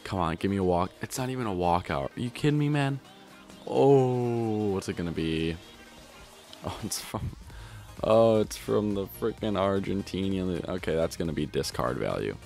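Man, gaming commentary, low-pitched, very animated, excitable, hushed at times, faint music behind. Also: moderate pace, creaky. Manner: excitable, swings from grumbling to yelling and laughing; trying to keep his voice down. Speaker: video game streamer. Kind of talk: pack-opening gameplay commentary. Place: at home.

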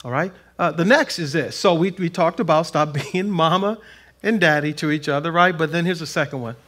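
Animated folksy preacher, fairly high voice. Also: male voice, a little fast. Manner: animated, swings between loud emphasis and soft asides; folksy, plain-spoken. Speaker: pastor. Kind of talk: conversational sermon. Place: church sanctuary.

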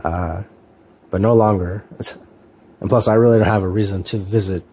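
A man in his thirties from California, chatting casually in a relaxed, hesitant way with lots of fillers and restarts. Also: sits low, moderate pace, slightly rough. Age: 30s. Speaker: book vlogger. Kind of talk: casual chat, answering a tag.

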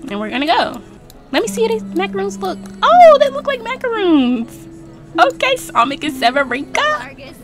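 A woman's voice: very high voice, huge pitch swings, moderate pace, music in the background. A young woman chatting playfully through a life-sim game, laughing often, using slang and reading in-game text aloud. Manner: casual slang and swearing. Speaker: let's play gamer. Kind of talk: casual gameplay commentary.

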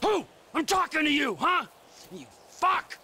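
An actor playing a volatile, violent male criminal in a video game cutscene, swinging between menacing mutters and shouts. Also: very high-pitched, very animated, unhurried, full character voice. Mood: raging.

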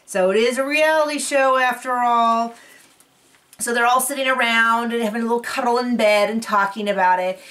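A woman's voice: fairly high pitch, steady tone, normal speed, fairly bright tone, far from the mic. A woman talking through a reality TV episode in a casual, rambling way, full of asides, recorded at home. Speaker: reality TV recap vlogger. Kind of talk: casual chat recap. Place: home on a cattle ranch. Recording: voice set back from the mic.

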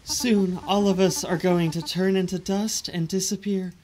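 Game figure: quiet, wistful, resigned woman, voiced by a streamer, soft delivery. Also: mid-range voice, steady tone, measured pace, voice pushed up, close to an everyday voice. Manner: soft, reflective.

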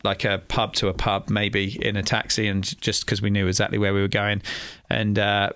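A man's voice: fairly low pitch, completely flat delivery, fairly quick, fairly bright tone, clean tone, no echo, studio quality. An English man, a food truck owner, chatting casually as an interview guest, rambling with many restarts. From England.

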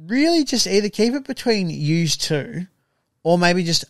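A man's voice: high voice, a little slow, no room sound, clean studio sound. A young man, co-hosting a casual podcast chat and acting out quoted voices as he tells stories. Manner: animated storytelling, acts out quoted voices, swears freely. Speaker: podcast co-host.

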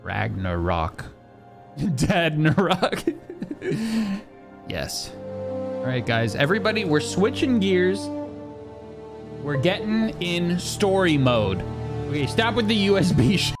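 A young man streaming a video game live, joking, laughing often and reacting loudly to the story. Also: a little high, sing-song, takes it slowly. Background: game audio and music.

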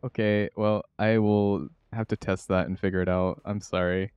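A man's voice: fairly low pitch, little pitch movement, moderate pace, clean tone, no echo, muffled recording. A man streaming a game with friends, chatty and laughing often as he thanks viewers and apologizes. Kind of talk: casual gaming chat.

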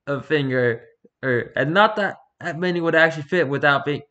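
A man reading internet posts aloud for comedy, with wry, dry asides and bursts of loud mock-arguing. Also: fairly high pitch, normal speed.

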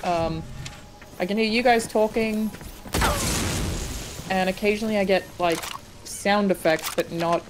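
A woman's voice: medium pitch, a little slow, pauses often, poor audio. A woman chatting casually during a multiplayer game, thinking aloud and swearing freely. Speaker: streamer guest. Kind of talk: casual gaming chat. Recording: game music behind.

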